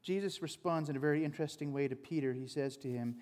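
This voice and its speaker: Male pastor, chatty and informal sermon delivery, slightly raised pitch, long hall reverb. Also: fast talker, a little mellow. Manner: informal, chatty preaching with asides. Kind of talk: conversational sermon.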